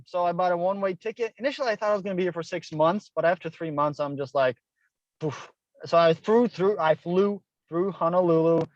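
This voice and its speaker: A man's voice: high-pitched, a little fast, no room sound, highs cut off. Earnest man telling a personal story. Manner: earnest, personal, acts out quoted dialogue. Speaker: guest author. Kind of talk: interview storytelling. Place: Hilo, Hawaii.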